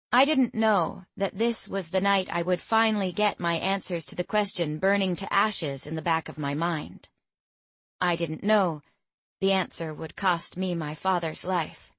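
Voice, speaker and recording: A woman reading an audiobook in steady, measured first-person narration. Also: lowish voice, no room sound.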